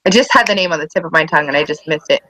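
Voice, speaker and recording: Bright-voiced chatty mom telling stories. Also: female voice, sits low, racing, no echo, rough recording. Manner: chatty, animated storytelling with acted-out quotes. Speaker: mother of schoolchildren, podcast guest. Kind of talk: casual chat.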